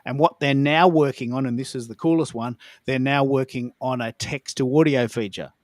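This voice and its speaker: A man co-hosting a casual podcast chat, telling stories in an animated, emphatic way. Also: medium pitch, moderate pace, no room sound, studio quality. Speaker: co-host.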